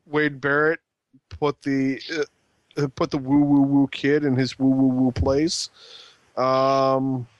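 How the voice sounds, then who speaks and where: A man's voice: medium pitch, no echo, dull audio. A man co-hosting a casual wrestling podcast, rambling with frequent ums and restarts. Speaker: podcast co-host.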